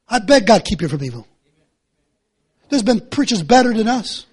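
A middle-aged man preaching a sermon, passionate and repetitive, rising to shouts and dropping to hushed pleas. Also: sits high, sing-song, moderate pace, long pauses, husky. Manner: impassioned, repetitive, swinging between shouting and hushed pleading. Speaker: pastor.

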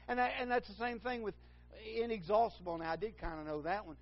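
A man's voice: high-pitched, lively intonation, brisk, lo-fi sound. A man preaching a sermon, rambling and correcting himself, then building to fervent emphasis.

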